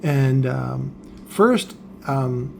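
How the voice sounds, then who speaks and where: A man's voice: mid-range voice, animated, very slow, vocal fry, a little hiss or hum. An older man ranting bluntly and scornfully, swearing freely in a vlog. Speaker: car audio seller.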